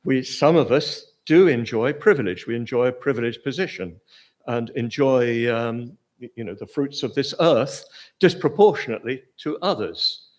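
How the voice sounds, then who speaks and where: Older english guy with a posh accent giving a buddhist talk, lots of ums and restarts, thinking out loud. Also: medium pitch. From Britain. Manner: hesitant, many fillers and restarts. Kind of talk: informal lecture.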